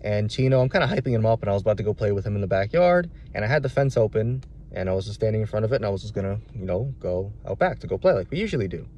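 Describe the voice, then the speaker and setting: A man's voice: fairly low pitch, animated, racing, few pauses, darkish tone, dull audio, a little hiss or hum. A young adult man, a dog trainer, telling a story in a casual vlog, rambling and candid with many restarts.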